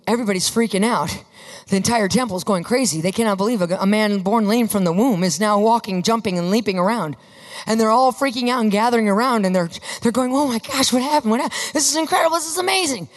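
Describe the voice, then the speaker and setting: A woman preaching a sermon with fervor, often rising to emphatic shouts. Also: medium pitch. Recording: long reverb of a large hall.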